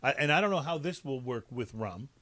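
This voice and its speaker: A man with a medium-pitched voice hosts a laid-back tasting podcast, speaking with easy enthusiasm. His voice is recorded close and dry, with little room sound. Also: brisk, no echo. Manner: relaxed, enthusiastic about cigars. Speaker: podcast host. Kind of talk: casual tasting talk.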